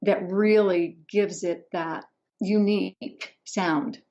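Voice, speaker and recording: A woman from the Ozarks, an audiobook narrator, answering interview questions in a measured, explanatory way. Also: mid-range voice, fairly even intonation, dark tone, muffled recording. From the Ozarks, southern United States. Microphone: remote call on video.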